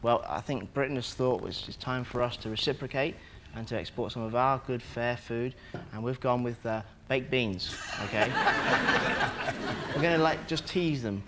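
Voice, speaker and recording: In a TV studio with a live audience, a man on a chat show tells funny stories as the comedian guest, playing out little scenes for laughs. His voice is medium-pitched at a normal speed, with background noise and loud audience laughter throughout.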